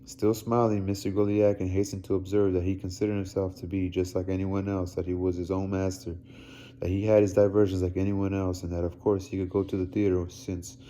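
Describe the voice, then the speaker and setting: A man reading a novel aloud, steady with occasional slips and restarts. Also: low-pitched, a little fast. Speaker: reader. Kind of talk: read-aloud book narration.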